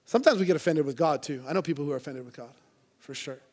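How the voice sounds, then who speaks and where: A man's voice: fairly high pitch, very fast, a little mellow. A man preaching a sermon to a church congregation, earnest and conversational, with playful asides. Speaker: pastor.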